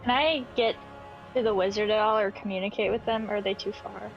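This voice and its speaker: A woman's voice: mid-range voice, steady tone, brisk, gravelly, highs cut off, soft background music. A woman playing in a tabletop game, asking the game master eager questions about the rules. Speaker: player. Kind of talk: casual tabletop play.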